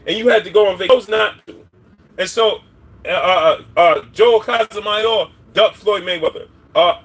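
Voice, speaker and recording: A man's voice: sits high, a bit bright, breathy edge. A man hosting a casual livestream, giving opinions on boxing in a rambling way and greeting viewers by name. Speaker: boxing commentary livestream host.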